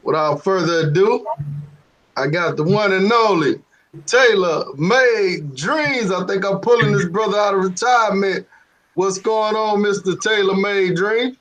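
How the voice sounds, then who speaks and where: A man's voice: high-pitched, measured pace, a bit bright. A male host in casual chat, laid back, prompting his guest to explain.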